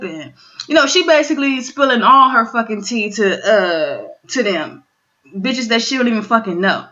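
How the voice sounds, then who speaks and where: A woman's voice: on the high side, lively intonation, a little slow, sharp tone, muffled recording. A woman giving a casual, profane recap of a reality show, bluntly acting out the cast's lines. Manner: blunt, profane, dramatic quoting of cast members.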